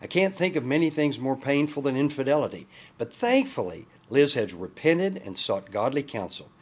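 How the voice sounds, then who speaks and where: A man reading the lines of a calm, gently probing Christian marriage counselor. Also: mid-range voice, moderate pace, husky.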